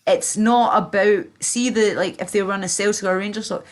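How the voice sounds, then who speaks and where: A Northern Irish woman talks loosely on a livestream in a mid-pitched voice. She rambles, swears freely and leans on "like" and "you know", often restarting her sentences. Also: fairly even intonation, brisk. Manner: rambling, swearing, full of fillers. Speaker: stream host. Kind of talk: casual livestream chat.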